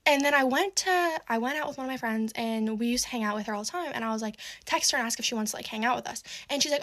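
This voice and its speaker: A teenage girl telling a story in a casual, exasperated way, full of "like" and quick asides. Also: on the high side, fairly even intonation, fairly bright tone. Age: teens. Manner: fast, exasperated, heavy use of "like".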